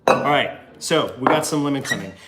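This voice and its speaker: A man's voice: mid-range voice, expressive, moderate pace. Rambling man hosting a home cocktail show. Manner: joking, rambling explanations with many fillers. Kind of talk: casual cooking chat. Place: home kitchen.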